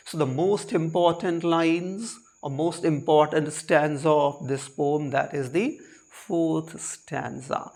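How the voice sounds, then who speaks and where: A man's voice: fairly high pitch, vocal fry, darkish tone. A man teaching literature, explaining a poem line by line, repeating himself, correcting slips and posing rhetorical questions.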